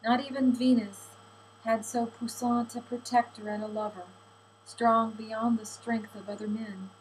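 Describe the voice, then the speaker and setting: Woman reading as a soft tender slave girl, seventeen, doting and sweet, kinda high. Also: level tone, unhurried, slight background noise, close to an everyday voice, poor audio. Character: affectionate seventeen-year-old slave girl.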